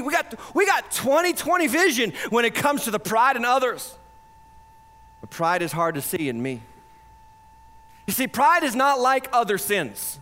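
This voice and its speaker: A man preaching a sermon as pastor, animated, swinging between loud points and hushed asides, acting out quoted voices for effect. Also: very high-pitched.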